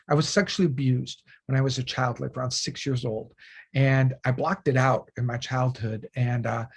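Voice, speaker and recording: A man telling a deeply personal healing story in an earnest, emotional way, often restarting his phrases and letting his voice drop softly. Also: breathy edge. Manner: earnest, emotional, with many restarts and soft drops in volume. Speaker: spiritual teacher.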